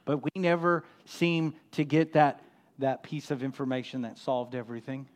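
A man preaching a sermon as pastor, dropping to a hush and rising to emphatic, loud peaks. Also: medium pitch, level tone, normal speed. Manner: swings from hushed to loud, emphatic.

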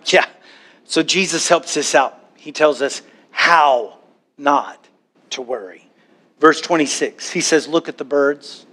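A man preaching a sermon to a church congregation, animated, now and then acting out worried voices. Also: fairly high pitch, slow. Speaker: pastor.

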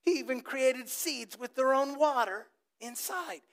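Pastor, male, high-pitched, lively sermon storyteller who gets the crowd to echo him. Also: a little slow. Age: adult with a child old enough to talk. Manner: animated storytelling, asks the congregation to repeat words.

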